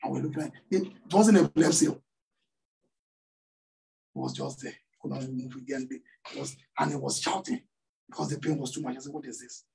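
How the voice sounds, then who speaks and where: A man's voice: medium pitch, big pitch swings, brisk, gravelly, pauses often, warm tone, recorded from a distance, poor audio. A man preaching a sermon, telling a story and tossing questions out to the congregation. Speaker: pastor. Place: church hall.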